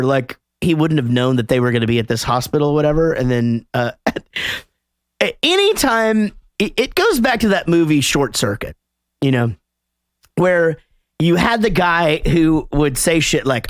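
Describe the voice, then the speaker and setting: Animated, swearing male podcast host. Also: on the high side, unhurried, clean tone, no echo. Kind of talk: casual chat.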